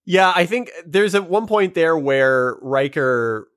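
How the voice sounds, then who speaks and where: A man's voice: fairly high pitch, expressive, slow, fairly bright tone, no echo. Man, podcast host, casual chat, playful, joking, dry recording. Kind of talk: casual chat recapping a TV episode.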